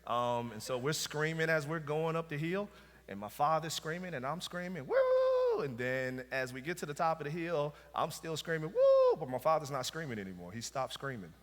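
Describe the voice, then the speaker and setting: A man's voice: on the high side, fairly quick, a bit bright. A man with a Southern US accent preaching a sermon, telling a story and then pressing his points with emphasis. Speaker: pastor. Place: church sanctuary. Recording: church hall reverb.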